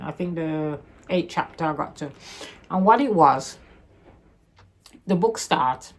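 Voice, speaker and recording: A woman chatting casually through a book review, rambling and correcting herself as she loosely retells the plot. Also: deep voice.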